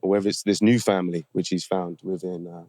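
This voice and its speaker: A man's voice: low voice, little pitch movement, quick pace, dark tone, no echo. A man with a British accent, an actor guest in a podcast interview, easygoing and joking, laughing often. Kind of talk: casual interview chat.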